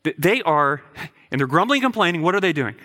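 A man's voice: fairly high pitch, sing-song, fast talker, bright, forceful tone. A man preaching a sermon, emphatic, posing rhetorical questions and often repeating words as he goes. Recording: reverberant hall.

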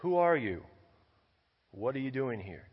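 A preacher voicing a gruff Roman guard who shouts a challenge. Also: male voice, mid-range voice, lively intonation, a little slow, big-room sound, dull audio, voice pushed up. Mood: demanding.

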